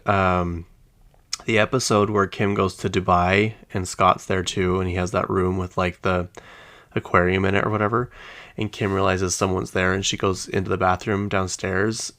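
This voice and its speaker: A man with a very deep voice hosts a casual celebrity gossip podcast. He rambles from one story to the next in an easy, chatty way and speaks straight to his listeners as if they were friends. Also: a bit bright. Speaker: podcast host. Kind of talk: casual pop-culture chat.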